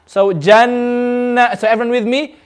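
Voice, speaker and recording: A man with a notably high voice leads a group tajweed class. He explains each rule patiently and repeats it often. He stretches the recited words out slowly for the class to follow. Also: level tone, smooth. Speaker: Quran recitation teacher. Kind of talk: tajweed lesson with call-and-response recitation. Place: community centre classroom.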